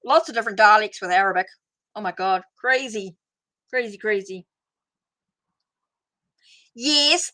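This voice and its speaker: A woman's voice: medium pitch, animated, a little slow, long pauses, pushed and bright. A middle-aged woman hosting a casual live tarot stream, rambling as she greets viewers and answers their comments. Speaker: tarot reader hosting a livestream.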